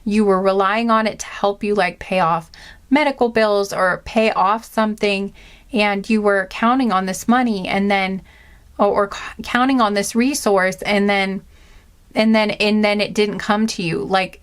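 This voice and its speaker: A young woman giving a casual tarot reading, talking in an animated, indignant way, rambling with many restarts and filler words. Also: medium pitch, clean tone. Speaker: tarot reader.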